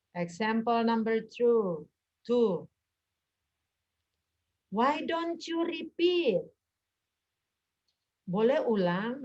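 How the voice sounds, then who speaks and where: A woman teaching an English lesson over a video call, speaking deliberately and repeating each example phrase. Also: on the high side, lo-fi sound. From Indonesia. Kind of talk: online classroom lesson.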